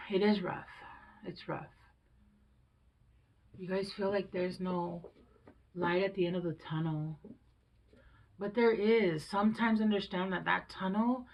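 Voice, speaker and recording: A woman in her thirties with a fairly low voice reads tarot in a loose, chatty style on a rough recording. Candid and conversational, she swears freely and keeps returning to a reassuring, coaching tone for her listeners.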